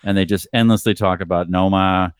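Low, smooth-voiced gruff podcast regular. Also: male voice, fairly even intonation, brisk, no room sound, clean studio sound. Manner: gruff, profane. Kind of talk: casual podcast banter.

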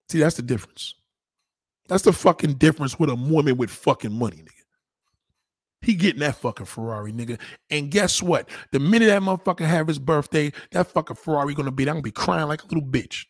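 A man's voice: on the high side, quick pace, no echo. A man ranting and telling a story in casual, profane slang, acting out the voices. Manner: loud, animated, swears constantly, acts out voices. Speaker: vlogger.

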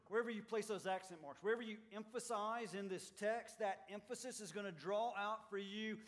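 A man preaching a sermon as pastor, swinging between loud emphatic lines and quiet, low ones. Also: a little fast. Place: church sanctuary.

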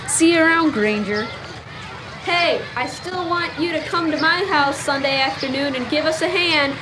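A woman's voice: high voice, normal speed, noisy background, natural voice. A woman voicing a cocky, mocking young boy with a tough, slangy way of talking, in a radio drama. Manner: taunting, slangy.

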